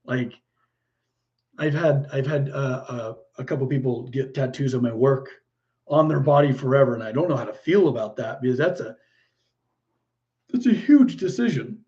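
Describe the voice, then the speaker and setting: A dark-toned man with a medium pitch hosts a casual live chat, reading viewer comments animatedly at normal speed with frequent pauses. He's talkative and easily pleased, laughing and exclaiming often through muffled lo-fi sound.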